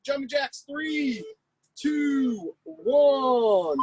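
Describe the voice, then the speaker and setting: A man's voice: very high-pitched, lively intonation, slow pace, noisy background. A man coaching a live-streamed workout class, calling out exercises, cues and countdowns with lots of energy. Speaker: fitness coach.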